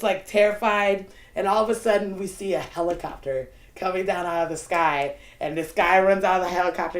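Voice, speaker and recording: A woman's voice: fairly low pitch, roomy sound. A woman telling a personal story off the cuff, in casual speech full of "like" and the odd curse word. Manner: casual, animated, peppered with "like" and profanity. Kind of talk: unscripted personal anecdote.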